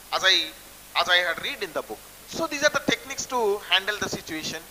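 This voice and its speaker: Man, Indian English accent, teacher explaining a story, repetitive, high voice, echoey room with faint hiss. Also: bright, forceful tone. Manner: repetitive, restarts phrases while explaining word meanings. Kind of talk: explaining a textbook story to students.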